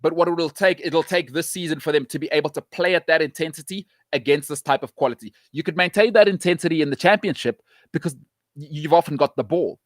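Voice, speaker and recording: A middle-aged man hosting a talk show, giving emphatic, punchy football opinions with quick repetitions. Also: fairly high pitch, dry recording, clean studio sound. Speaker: show host.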